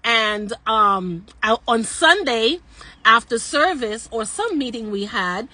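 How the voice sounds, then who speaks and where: A woman's voice: on the high side, animated, slow, pushed and bright. An older woman hosting a casual live stream from a parked car on her phone, cheerfully greeting viewers in several languages. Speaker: social media live host.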